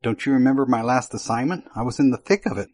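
A man's voice: mid-range voice, quick pace, a little mellow, no room sound, pitched above the performer's own voice, close to an everyday voice. A man voicing a skeptical female catfolk secret agent in an audiobook. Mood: wary. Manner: skeptical, dry. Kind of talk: audiobook character voice.

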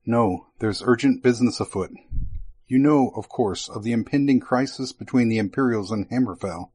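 A man voicing a gruff, businesslike male spy chief handing out assignments in an audiobook. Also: medium pitch, moderate pace, a little mellow, natural voice. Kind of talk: audiobook character voice.

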